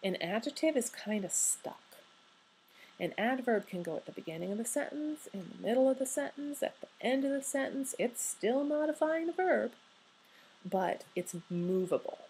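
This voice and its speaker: A woman's voice: on the high side, animated, normal speed, a little mellow, slight background noise, rough recording. A woman giving a recorded university grammar lecture, conversational and wry, often posing questions to her students.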